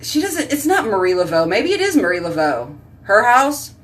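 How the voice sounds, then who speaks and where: A woman's voice: medium pitch, very animated, moderate pace, recorded from a distance. A woman hosting a casual live stream, chatting with viewers by name and rambling from topic to topic. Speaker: host reading live chat.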